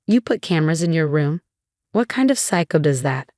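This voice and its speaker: A woman's voice: deep voice, lively intonation, normal speed, warm tone, no room sound, studio quality. A woman reading the lines of a smug, self-pitying young brother in a storybook narration. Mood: defensive.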